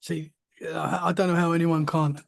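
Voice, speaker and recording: A man with a high voice and a gravelly, fry-heavy edge, hosting a casual interview. He reacts excitedly and often, and the sound is dry and close. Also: normal speed, dry recording. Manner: excitable, many short reactions. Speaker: podcast host.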